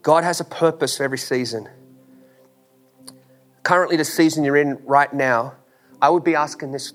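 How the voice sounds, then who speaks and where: A man preaching a sermon with an emphatic, repetitive cadence, full of rhetorical questions and casual phrasing. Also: fairly high pitch. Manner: informal, drops into "ain't". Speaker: pastor.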